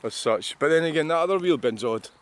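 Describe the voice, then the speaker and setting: A man's voice: on the high side, lively intonation, fast. A Scottish man in his sixties, a vlogger, rambling through a reflective monologue with wry, self-mocking asides. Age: 60s.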